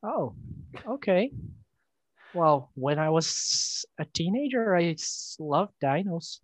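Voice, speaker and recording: A man's voice: fairly high pitch, sing-song, takes it slowly, dry recording, poor audio. A man co-hosting a casual podcast, talking in a mock-formal way with dry jokes. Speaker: podcast co-host.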